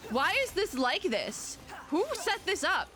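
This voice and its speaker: A young woman doing let's play commentary on a video game, animated and chatty, laughing to herself. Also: very high voice, unhurried. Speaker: gaming YouTuber.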